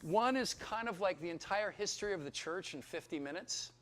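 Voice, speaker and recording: A middle-aged pastor gives his testimony to a room of Bible school students. He sounds higher than most men and tells it with animated storytelling, acting out the old conversations and getting emotional near the end. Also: a little fast. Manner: animated storytelling, acts out dialogue.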